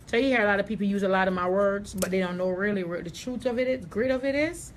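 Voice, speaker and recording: A woman's voice: mid-range voice, quick pace, slight background noise. A middle-aged woman hairstylist with a New York accent teaching on a live stream, blunt, confident and streetwise. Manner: blunt, confident, streetwise, with Southern-tinged slang. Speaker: hairstylist and salon owner. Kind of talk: livestream haircut tutorial.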